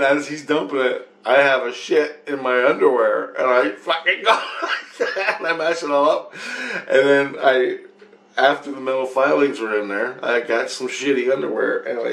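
A man's voice: mid-range voice, vocal fry, fairly bright tone. A man telling a rambling spiritual story, swearing and chuckling often as he goes. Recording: echoey room with faint noise.

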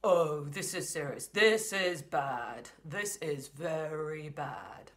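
A woman voicing a worried farmer father in a lowered voice, fretting loudly. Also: expressive, slow. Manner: anxious, low, emphatic worrying. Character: fretful worried farmer dad.

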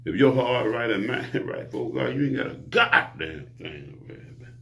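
A man's voice: medium pitch, animated, moderate pace, vocal fry. A man preaching a rambling monologue to his viewers, grandiose and profane, lecturing the listener. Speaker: self-styled preacher.

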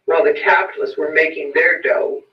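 Bitter blind beggar figure read aloud by a man, high whining voice, roomy muffled distant sound. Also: little pitch movement, brisk, lightly acted. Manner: whining, pleading, rising to frantic cries. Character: bitter blind male peddler, begging, self-pitying.

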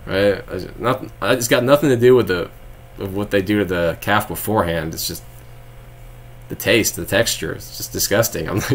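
A man's voice: on the low side, moderate pace. A young man from Texas, live-streaming and chatting casually with viewers, rambling with frequent laughs and sarcastic asides.

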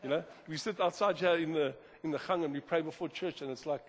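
A man preaching a sermon as pastor, animated, repeating words and swinging from loud to quiet. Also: on the high side, fast, few pauses, slight background noise. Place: church hall. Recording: long hall reverb.

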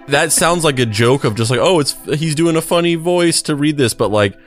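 A man's voice: on the high side, animated, moderate pace, few pauses, soft background music. Hedging casual podcast man. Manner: hedging, lots of fillers. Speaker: podcast co-host. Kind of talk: casual chat.

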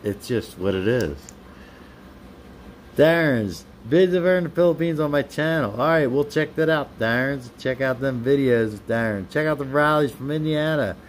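On a casual live stream, a man reads out viewers' comments and answers them with playful, teasing banter. His voice is mid-range at a normal speed, with a little hiss or hum in the recording.

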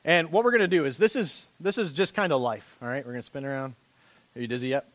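A man preaching a sermon as pastor, animated and conversational, joking with a volunteer on a church stage. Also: fairly high pitch, quick pace. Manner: animated, rising to loud impassioned preaching.

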